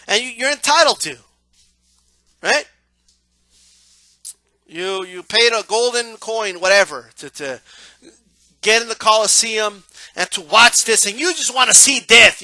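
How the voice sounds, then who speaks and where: A man giving a casual, animated monologue about how he watches boxing, often asking "right?". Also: sits high, measured pace, pauses often, no room sound, faint music behind. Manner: animated, acts out yelling crowd members, repeats "right?". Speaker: boxing commentator.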